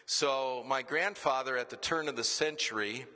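Guy from the dakotas preaching, bright forceful voice, echo from a big hall. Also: medium pitch, normal speed. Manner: animated storytelling, then a hushed earnest prayer. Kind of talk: storytelling sermon and prayer. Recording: hall reverb.

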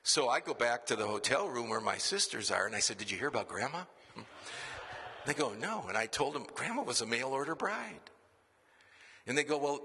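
Man preaching with bright tone in a hall. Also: mid-range voice, normal speed, husky. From Dakotas. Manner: animated storytelling, then a hushed earnest prayer. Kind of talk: storytelling sermon and prayer. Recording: hall reverb.

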